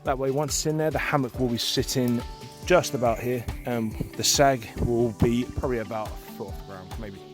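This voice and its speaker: A man casually explaining a camp setup outdoors in the woods, chatty and relaxed, with frequent fillers. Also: medium pitch, moderate pace, hardly any pauses, over music. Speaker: outdoor channel host.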